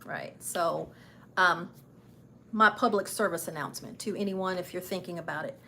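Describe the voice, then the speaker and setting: A travel agent hosts her own travel channel livestream, chatting with viewers and encouraging them in a casual, upbeat way, laughing often. Her voice is fairly low and bright with a forceful tone at a normal speed, and there's a little hiss or hum.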